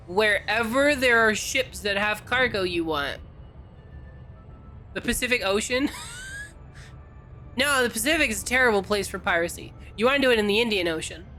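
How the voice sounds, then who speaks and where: A woman's voice: a little high, bright, forceful tone. A woman from California streaming a game, chatting casually and teasing her chat in a playful way.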